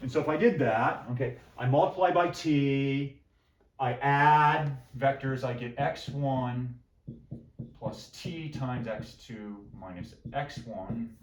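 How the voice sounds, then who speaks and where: A man's voice: mid-range voice, slow pace. A man gives a math lecture in a room with a lot of echo. He repeats himself often, mutters as he writes, and makes playful asides to his students. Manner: repeats phrases, jokes with students, talks to himself while writing. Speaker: math professor. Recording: roomy echo.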